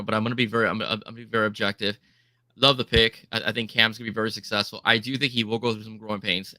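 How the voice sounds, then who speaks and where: A man from the Miami area, a podcast guest, giving quick and emphatic opinions on football. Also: on the low side, sharp tone, no echo. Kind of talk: casual sports chat.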